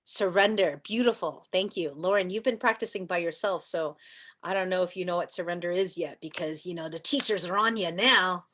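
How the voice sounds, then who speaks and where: A woman's voice: fairly low pitch, fairly quick. Chatty woman teaching a yoga class. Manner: chatty, rhetorical questions, playful; soft chanting and whispering at times.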